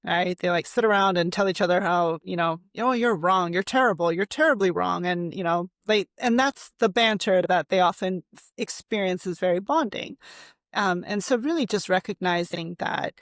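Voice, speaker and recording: A woman's voice: lowish voice, normal speed, dry recording, clean studio sound. A woman as a therapist guest on a podcast, explaining with fillers and rhetorical questions. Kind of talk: conversational explaining.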